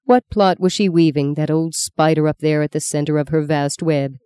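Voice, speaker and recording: Low, warm woman narrating an audiobook. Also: fairly even intonation, smooth, no room sound, studio quality. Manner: measured, descriptive storytelling. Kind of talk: scripted narration.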